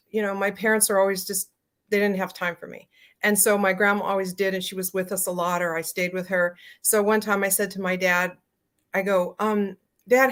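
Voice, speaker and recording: Chatty woman telling family stories. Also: medium pitch. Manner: chatty, full of fillers, animated. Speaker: interview guest. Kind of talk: casual storytelling.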